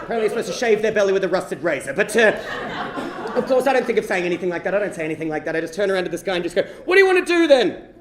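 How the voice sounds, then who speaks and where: A man performing a comic true-life story on stage in an animated way, swearing and breaking into shouts. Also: sits high, rapid-fire, a crowd in the background. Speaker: stand-up storyteller. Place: live venue stage. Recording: echoey live hall.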